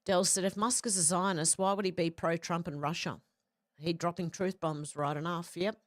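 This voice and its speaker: A woman's voice: lowish voice, steady tone, normal speed, dry recording, studio quality. A woman hosting a livestream, reading viewer comments aloud and adding short, casual reactions of her own. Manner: reads comments, then adds brief casual reactions. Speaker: livestream host.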